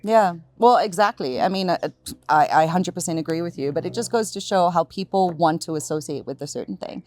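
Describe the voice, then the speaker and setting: A woman's voice: on the low side, fairly quick, darkish tone. A woman from South Africa with an American-sounding accent, hosting a casual interview and chatting easily with her guest. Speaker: podcast host.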